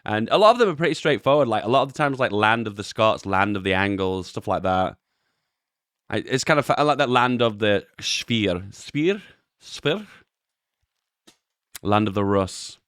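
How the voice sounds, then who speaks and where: A young man gives casual meme commentary in a fairly low voice. He talks in a relaxed way, chuckles often and swears offhandedly. The recording is dry and close, with no room sound. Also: a little fast, clean tone, no room sound. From England. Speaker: YouTube host reviewing memes.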